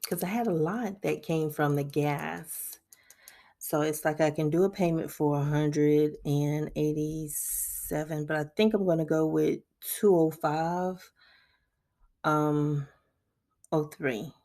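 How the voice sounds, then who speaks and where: A budgeting vlogger walks viewers through her monthly budget in a casual screen recording. Her low, mellow voice stays steady as she takes her time, chatting away, calling viewers "y'all" and laughing a lot.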